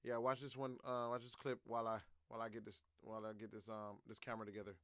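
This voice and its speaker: A young man streaming, riffing loudly and casually in slang while reacting to clips. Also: lowish voice, quick pace, no echo, clean studio sound. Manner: loud, slangy, animated riffing.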